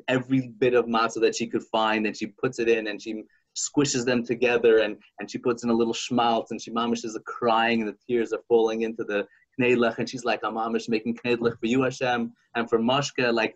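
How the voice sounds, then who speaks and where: A man hosting a podcast, chatting casually and telling a folk story in an animated, halting way. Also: fairly low pitch, muffled recording. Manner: animated, halting, with many restarts. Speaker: podcast host.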